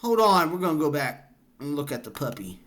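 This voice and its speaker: A man's voice: fairly high pitch, expressive, fairly quick, fairly bright tone. A man hosting a reaction video, chatting casually and laid-back, laughing often and calling people "bro". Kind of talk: casual chat reacting to clips.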